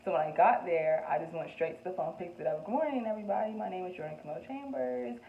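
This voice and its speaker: A chatty young adult woman with a fairly low voice talks quickly as a vlogger answering get-to-know-me questions. She is candid, laughs often, and uses fillers like "like" and "um" in this casual chat. The recording sounds tinny and phone-like, with an echoey room and faint background noise.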